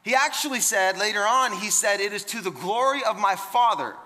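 A man preaching with a bright, forceful voice that rings out through a reverberant church hall. His delivery is emphatic and conversational, full of quick repeats and restarts as he presses his points. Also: high voice, lively intonation. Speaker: pastor. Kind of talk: sermon.

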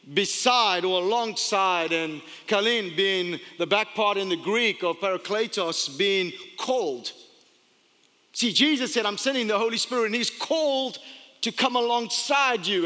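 A man with an accent preaching a sermon as pastor, telling stories and jokes with laughs along the way. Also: sits high. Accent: non-American. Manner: animated, jokey storytelling with laughs. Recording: long reverb of a church hall.

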